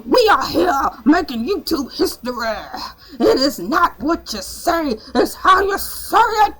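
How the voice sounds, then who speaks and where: A woman doing a comic impression of an older male preacher leading a rally, shouting rally cries. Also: high voice, very animated, unhurried, exaggerated voice, poor audio. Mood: rousing. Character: older male civil rights preacher, rousing.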